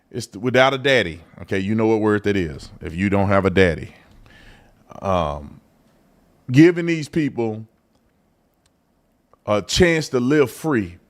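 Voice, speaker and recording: A man from Texas with a Texan accent, hosting a live political commentary show in a blunt, mocking, slangy way. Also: mid-range voice. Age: adult. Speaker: host.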